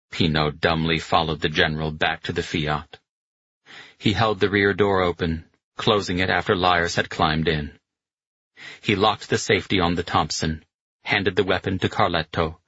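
A man narrating an audiobook in a measured, dramatic way. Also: low voice, sharp tone, slightly rough, dry recording. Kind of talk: scripted narration. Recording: slightly muffled dry recording.

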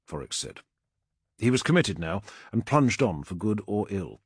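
Brief: male audiobook narrator, husky, lively pitch, dramatic. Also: moderate pace, dry recording, studio quality. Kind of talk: scripted narration.

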